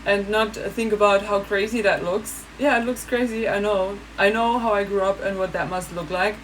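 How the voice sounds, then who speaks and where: Woman vlogger, lively storyteller who laughs a lot, mid-range voice, light background hiss. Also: medium pitch, moderate pace, poor audio. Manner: animated, laughing, acts out other people. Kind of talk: casual monologue.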